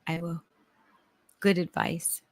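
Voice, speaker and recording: A woman's voice: fairly low pitch, flat delivery, slow, darkish tone, dry recording. A woman hosting a casual live-stream chat who is playful, laughs often and swears casually, speaking into a mic on a stand. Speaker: host.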